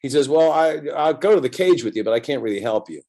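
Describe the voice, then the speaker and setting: A man in his sixties, a seasoned entertainer, recounts a story in relaxed conversational talk. He jumps between narration and lively quoted dialogue, giving the other people in the story their own voices. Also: mid-range voice, quick pace. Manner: animated storyteller acting out both sides of conversations. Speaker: guest entertainer. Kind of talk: casual anecdote telling.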